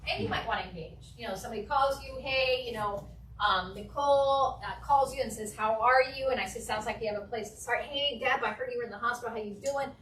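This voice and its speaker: A woman teaching a real estate class, acting out client conversations in a lively, animated way. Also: a little high, fairly quick, a little hiss or hum. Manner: animated, acts out client dialogues. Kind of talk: classroom training talk. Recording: echoey room from a distance.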